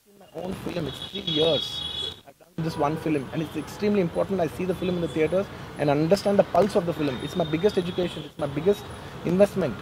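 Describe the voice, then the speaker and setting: Male, raised pitch, rapid press statement, emotional and earnest, repeats phrases, noisy outdoor garden. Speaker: film actor speaking to the press.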